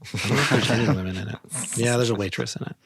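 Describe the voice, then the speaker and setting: A man's voice: on the low side, steady tone, racing, fairly bright tone, husky, no room sound. A man co-hosting a movie podcast, chatting casually with jokes and swearing. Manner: jokey, profane, laughs often. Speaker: podcast co-host. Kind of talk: casual movie review chat.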